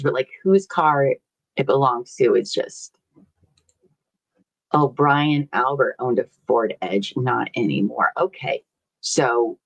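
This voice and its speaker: A woman with a very deep, slightly rough voice and vocal fry hosts a casual livestream, rambling and chatting as she reads viewer comments aloud. She laughs often and swears casually. The recording is rough.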